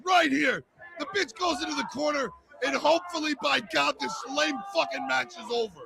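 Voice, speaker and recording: A man doing loud, profane comic wrestling play-by-play commentary. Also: extremely high pitch, normal speed, gravelly.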